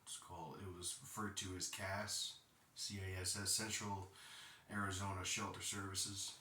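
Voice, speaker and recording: A man's voice: sits low, level tone, moderate pace, pushed and bright, a little hiss or hum. A man in his thirties telling a personal story as a podcast host, blunt and profane, and heated at times. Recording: roomy sound, distant from mic.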